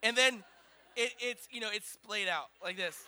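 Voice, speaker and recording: Male pastor, 30s, high and piercingly bright voice, rambling animated storyteller. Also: moderate pace. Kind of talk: storytelling sermon.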